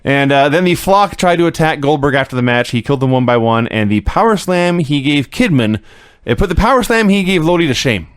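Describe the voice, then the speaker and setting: A man co-hosting a podcast, recapping with wry, deadpan jokes and frequent chuckles. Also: on the high side, fairly quick, smooth, no echo, clean studio sound. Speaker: podcast co-host recapping wrestling. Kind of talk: casual podcast chat.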